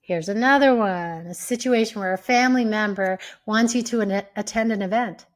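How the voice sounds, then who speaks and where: A woman hosting an advice talk, speaking in a calm, measured way and acting out sample replies. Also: medium pitch. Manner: calm, measured, acts out sample lines with shifts of tone. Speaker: host.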